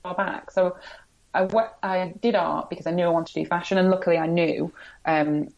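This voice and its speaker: A woman's voice: lowish voice, fairly even intonation, moderate pace, gravelly, a little mellow, dull audio. A woman with an English accent, a blogger guest speaking candidly and with self-deprecating humour in a casual interview.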